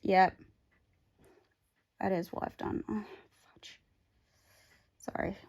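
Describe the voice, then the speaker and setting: A woman's voice: mid-range voice, flat delivery, takes it slowly, darkish tone. Woman nattering away while stitching, rambly and chatty, phone recording at home. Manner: rambling, chatty, with many asides. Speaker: craft vlogger. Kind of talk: casual chat while stitching.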